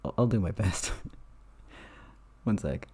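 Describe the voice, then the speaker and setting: Gravelly man reading a visual novel aloud. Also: deep voice, takes it slowly. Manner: steady reading, self-aware asides. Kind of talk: playthrough narration.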